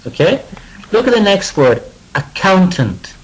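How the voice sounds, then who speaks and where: A British man gives a pronunciation lesson, modeling each word clearly so his students can echo it. His voice sits a touch higher than most men's, and he keeps the lesson conversational with joking asides. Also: expressive, a little slow, a little mellow. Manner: demonstrative, leads students through word repetition. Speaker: English teacher.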